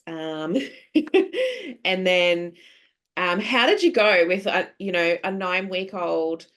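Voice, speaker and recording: A woman's voice: on the low side, big pitch swings, takes it slowly, a bit bright. A woman with an Australian accent hosting a podcast interview, chatty and encouraging, laughing easily. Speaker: podcast host. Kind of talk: casual interview chat.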